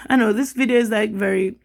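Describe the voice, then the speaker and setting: A woman from Jamaica, vlogging in an emotional, rambling way and getting animated when she quotes people. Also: medium pitch, normal speed. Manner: rambling, upset, animated when quoting others. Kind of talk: emotional personal vlog.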